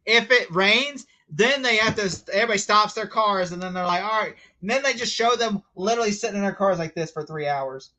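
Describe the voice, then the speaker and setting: American male host, bright, slightly high voice, chatty rambling style, acts out quotes. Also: brisk, hardly any pauses, poor audio. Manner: rambling, chatty, laughing asides and acted-out quotes. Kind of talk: casual livestream chat.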